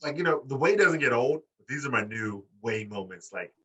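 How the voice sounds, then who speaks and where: Animated, profane man on a wrestling podcast. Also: brisk, husky, recorded from a distance, lo-fi sound. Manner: animated, profane, acts out quotes in high voices. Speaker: podcast co-host. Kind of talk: casual wrestling podcast chat.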